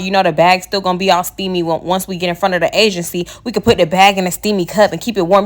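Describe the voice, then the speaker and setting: A woman vlogger from Houston, telling a story in an animated way, swearing and laughing as she goes. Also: medium pitch, quick pace, few pauses. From Houston, Texas. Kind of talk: casual storytelling.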